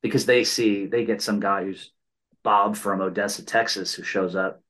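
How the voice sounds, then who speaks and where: Low-voiced rambling American storyteller. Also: male voice, fairly even intonation, normal speed, fairly bright tone, poor audio. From United States. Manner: rambling storyteller, tags points with "right?". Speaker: podcast host. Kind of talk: casual conversation.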